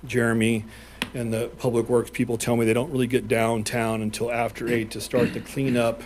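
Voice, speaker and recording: Hombre, jefe de policía, voz monótona. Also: male voice, mid-range voice, little pitch movement, a little fast, slight background noise. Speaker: police chief. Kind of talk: briefing a city council.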